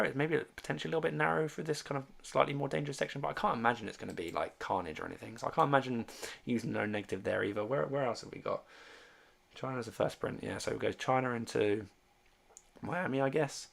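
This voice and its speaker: A man's voice: mid-range voice, fast, creaky, fairly bright tone. A man casually chatting on a livestream, reading viewer comments and thinking aloud with lots of fillers and restarts. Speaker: streamer and fantasy sports host.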